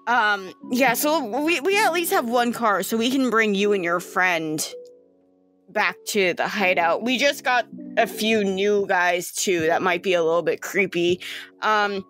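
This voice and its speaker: A woman's voice: mid-range voice, unhurried, fairly bright tone, soft background music. Casual, rambling young woman game master. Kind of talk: narrating a tabletop game.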